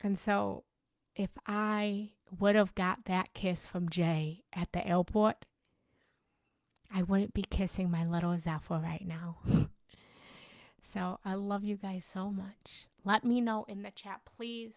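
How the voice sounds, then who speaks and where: On a personal live stream for her followers, a young woman who coaches on relationships and self-love gets emotional and fervent, swearing openly and slipping into whispers to drive points home. She speaks slowly in a steady, slightly mellow, mid-pitched voice, recorded dry.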